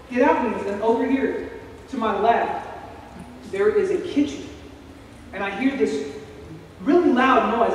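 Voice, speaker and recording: A young man telling an animated story as a sermon in a church hall, acting out sounds, recorded by a camera across the room. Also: high voice, normal speed, a little hiss or hum. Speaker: preacher. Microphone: self-recorded camera from across the room. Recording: echoey church hall from far off.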